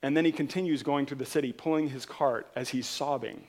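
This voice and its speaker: A man preaching from the pulpit, his voice carrying a rough, gravelly texture. He tells a parable with earnest intensity, swelling and then pulling back quietly. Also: mid-range voice, fairly quick. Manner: earnest, retelling a parable with rising and falling intensity. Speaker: pastor. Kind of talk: sermon storytelling.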